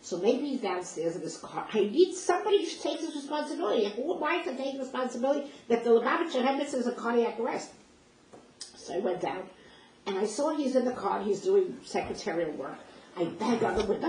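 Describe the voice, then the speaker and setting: This older woman has a fairly high, expressive, slightly mellow voice and speaks a little fast. She shares memories as a vivid, emotional first-person story with acted-out dialogue, and the distant mic captures a roomy sound with faint noise.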